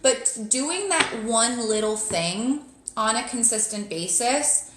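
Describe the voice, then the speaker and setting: A woman's voice: on the high side, animated, slow pace, roomy sound, background noise. A woman in her thirties with a New Jersey accent, giving a live tarot reading in a chatty, blunt way. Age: 30s. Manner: chatty, blunt, laughs often, lots of "like". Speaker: tarot reader.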